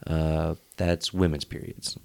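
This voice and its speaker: A man's voice: rumbling low, little pitch movement, slow, creaky, crowd noise. A young man hosting a casual podcast, telling a rambling story and laughing often. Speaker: podcast host.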